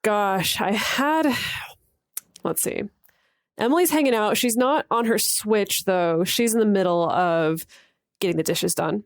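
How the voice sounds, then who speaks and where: A woman's voice: mid-range voice, a little slow, no echo, clean studio sound. A woman co-hosting a podcast in casual chat, playful as she sets up scenes. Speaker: podcast co-host.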